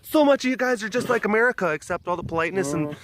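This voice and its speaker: A man with a high, expressive voice talks rapid-fire in a casual outdoor webcast, vlogging beside the animal enclosures at a big cat sanctuary. He rambles and jokes loosely with plenty of fillers, and his handheld or camera mic picks up wind and background noise.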